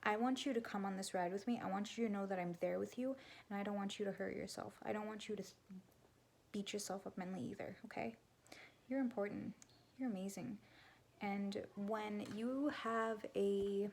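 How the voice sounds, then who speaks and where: Young woman, gravelly, raw confessional vlog, blunt and sweary, slips into whispers. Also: mid-range voice, moderate pace, slight background noise. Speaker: vlogger and spiritual coach. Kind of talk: candid confessional talk to camera.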